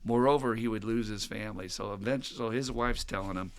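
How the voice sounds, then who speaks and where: A man hosting a podcast, telling stories in a casual, animated and profane way. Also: on the low side, a little fast, hardly any pauses, slight background noise. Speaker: podcast host. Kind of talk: casual chat.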